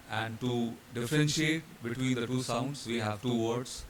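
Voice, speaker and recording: A man's voice: medium pitch, normal speed, few pauses, slight background noise. Indian man walking through slides. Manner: explanatory, with fillers and restarts, spelling out letters. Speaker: hotel training instructor. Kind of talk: slide-based pronunciation lesson.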